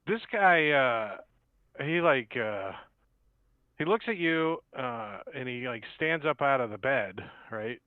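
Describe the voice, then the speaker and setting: Male game master, laid-back and rambling, lively pitch, thin phone-line sound. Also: takes it slowly, no room sound. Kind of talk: narrating a tabletop game over a voice call. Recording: tinny, dry phone-like line.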